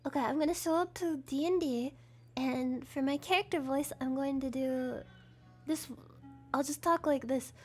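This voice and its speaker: Giggly, very high-voiced woman streamer. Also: normal speed, soft background music. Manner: giggly and rambling, heavy on "like". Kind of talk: casual live-stream chat.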